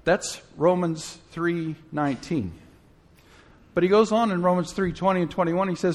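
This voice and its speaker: A man delivers a sermon with a notably high voice. He talks to the congregation casually, asking questions and tossing in humorous asides. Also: moderate pace. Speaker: preacher.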